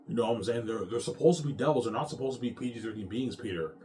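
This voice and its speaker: A male author talking in a casual monologue, animated, often stumbling and restarting his sentences. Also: medium pitch, racing, few pauses, slight background noise. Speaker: author and vlogger.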